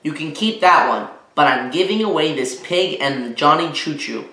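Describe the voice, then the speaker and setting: A man's voice: on the high side, lively intonation, normal speed, bright, forceful tone. A man voicing an exasperated mother who scolds and bargains with her son, read aloud in a roomy space. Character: exasperated mother sorting her son's toys. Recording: roomy echo.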